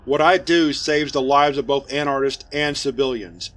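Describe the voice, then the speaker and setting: A man's voice: medium pitch, moderate pace, a bit bright, close to an everyday voice. A man reading as a blunt, sardonic male agent. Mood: wry. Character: wry male agent on night watch.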